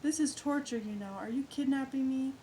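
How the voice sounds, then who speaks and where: A woman reading aloud as a grumpy young boy from a storybook, yelling indignantly in a raised, higher voice. The recording carries a clear hiss behind him. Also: a little fast, natural voice.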